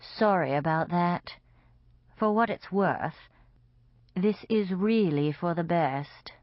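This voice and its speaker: A woman voicing a calm, apologetic male vampire who betrays his friends. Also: fairly low pitch, takes it slowly, dry recording. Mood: earnest. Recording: dull, dry audiobook recording.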